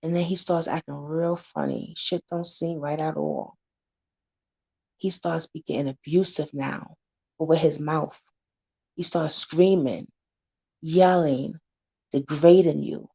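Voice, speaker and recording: A low, husky woman speaking straight to her viewers as a community advocate. Her delivery is blunt and candid, with a slightly breathy edge, and she plays out little scenes to drive her warnings home. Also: fairly even intonation, takes it slowly, pauses often, mellow. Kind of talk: casual talk to camera.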